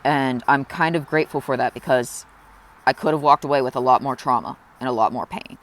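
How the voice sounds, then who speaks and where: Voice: medium pitch, brisk, a bit bright. Earnest, confessional young vlogger. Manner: earnest, open and reflective; emotional, close to tears at times. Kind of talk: confessional personal vlog.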